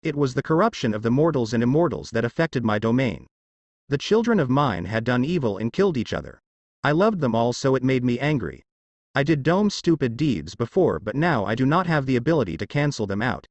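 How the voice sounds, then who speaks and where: Motherly goddess, gentle and guilt-laden, a man reading her lines. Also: mid-range voice, big pitch swings, a little fast, no echo, muffled recording. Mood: guilty, sad. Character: gentle motherly female earth goddess, tiny fairy form.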